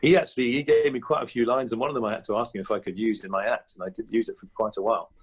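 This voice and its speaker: A man's voice: lowish voice, steady tone, rapid-fire, breathy edge. A man guest on a podcast, chatting reflectively with frequent restarts and fillers. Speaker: guest impressionist. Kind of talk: casual podcast interview.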